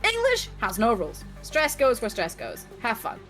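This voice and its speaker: A woman's voice: fairly high pitch, wildly swooping pitch, moderate pace, a bit bright, soft background music. A woman in her twenties chatting casually on a stream, blunt and ranting, swearing freely. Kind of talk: casual chat.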